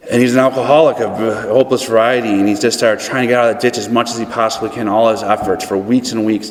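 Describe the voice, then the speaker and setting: A man from upstate New York giving a personal testimony at a recovery meeting, chatty and acting out the dialogue in his story. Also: lowish voice. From Buffalo, New York. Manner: conversational, acts out dialogue in a story. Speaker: guest speaker at a recovery meeting. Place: meeting hall. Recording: echoey hall.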